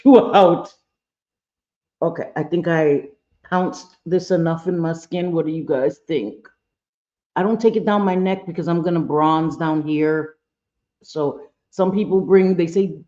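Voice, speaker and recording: A woman with a warm, mellow voice talks through her makeup routine in a relaxed, chatty way. She is candid and playful and throws in sassy little asides. The sound is a bit dull and lo-fi, like a home recording. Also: low-pitched. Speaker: makeup vlogger. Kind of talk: casual makeup tutorial chat.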